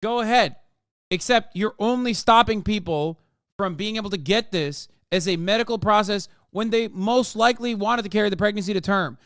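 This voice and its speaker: A man's voice: high voice, normal speed, a bit bright, clean tone, no room sound, clean studio sound. A man in his thirties ranting as a live streamer, profane and combative, arguing with his chat. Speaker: streamer reacting to a political interview. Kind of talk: heated live-stream commentary.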